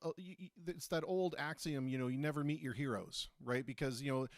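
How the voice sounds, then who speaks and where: A middle-aged man hosts a casual interview with enthusiasm, stumbling over his words now and then. His voice is mid-pitched. It is recorded dry and close, with no room sound. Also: fairly quick, no room sound. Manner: enthusiastic, with stammered restarts. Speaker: host.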